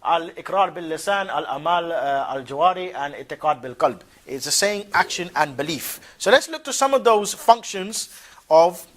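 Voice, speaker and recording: Slangy, higher-voiced man lecturing. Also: animated, moderate pace, a bit bright. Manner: conversational, colloquial, keeps asking "yeah?"; mocking asides with short laughs. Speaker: religious lecturer. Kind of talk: religious lecture to a class.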